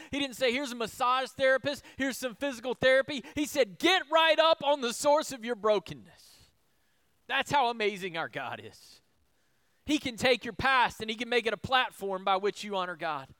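A male pastor delivers a sermon in a high, smooth voice. He asks the room rhetorical questions, punches key lines loudly and then drops to quiet asides. The sound is dry and close. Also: no echo. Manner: animated, rhetorical questions, shifts between loud emphasis and soft asides.

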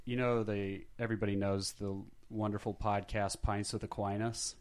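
Low-voiced man, rambling jokey podcast host. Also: flat delivery, normal speed, smooth. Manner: rambling, jokey, self-deprecating. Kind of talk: casual chat.

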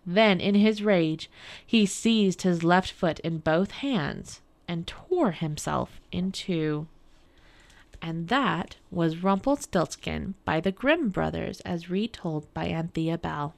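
A woman from a public library reading a fairy tale aloud for radio in a calm, measured way. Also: lowish voice, creaky. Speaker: library storyteller. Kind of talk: storybook read-aloud for radio.

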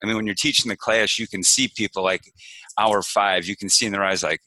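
A man guest on a podcast, explaining his coaching course in casual, steady talk. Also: low-pitched, a little fast, dry recording, poor audio. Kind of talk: casual interview chat.

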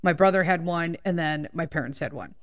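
A woman's voice: low voice, a little fast. A woman from the Chicago area hosting a podcast, telling a personal story in a casual, rambling way, full of swearing and tangents. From Chicago area, USA. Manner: swears a lot, rambling tangents, keeps checking in with "okay?" and "right?". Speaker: podcast host.

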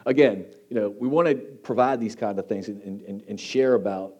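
Casual church preacher, man, mellow warm tone, chatty and joking. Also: fairly low pitch, moderate pace, husky. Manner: conversational, joking, frequent fillers and restarts. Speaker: teaching team preacher. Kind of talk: casual sermon. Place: church hall with congregation.

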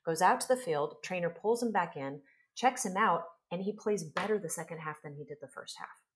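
A woman in her forties, a podcast guest telling a story with lively energy and acting out what others said. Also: fairly low pitch, brisk. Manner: animated storyteller, acts out quoted speech. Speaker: guest, healer and trauma specialist.

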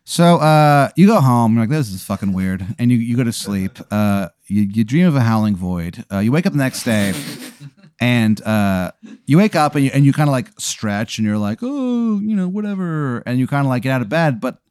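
A man's voice: mid-range voice, animated, normal speed, darkish tone, clear, resonant tone, no room sound. Rambling, profane man telling a tale. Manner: rambling, profane, lots of fillers. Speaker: comedy podcast host. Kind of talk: improvised storytelling.

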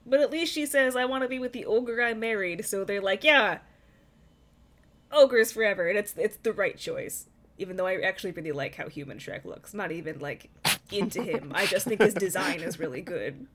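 A woman chatting casually about a film, animated, dropping into quieter asides. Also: mid-range voice, fairly quick. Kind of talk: casual chat.

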